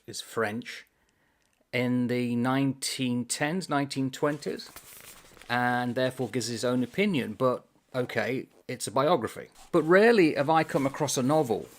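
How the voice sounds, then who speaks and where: A man with a mid-range voice hosts a book channel, chatting casually about a comic novel. He rambles in an amused way and reads passages aloud.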